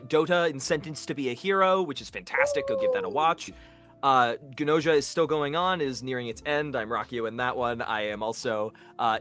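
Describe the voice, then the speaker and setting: A man's voice: fairly high pitch, fairly bright tone. A man chatting casually on a virtual convention panel, swearing freely and laughing often. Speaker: voice actor panel guest. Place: online video call.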